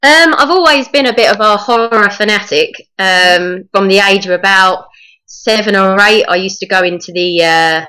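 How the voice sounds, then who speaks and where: Bright-voiced woman author. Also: medium pitch, normal speed, clear, resonant tone. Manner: friendly, rambling, many ums. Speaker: author guest. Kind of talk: interview.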